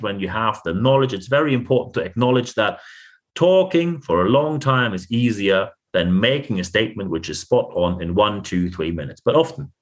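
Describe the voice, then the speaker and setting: A man with a German accent, speaking English as a second language, hosting a solo leadership podcast and repeating phrases for emphasis. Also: mid-range voice. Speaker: podcast host and leadership coach.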